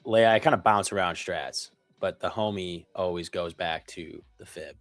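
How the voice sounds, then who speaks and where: Lively low-voiced man, dry close mic. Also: moderate pace, dry recording, faint music behind. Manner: excitable, slangy, jokey. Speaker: co-host trading live. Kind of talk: casual trading chat.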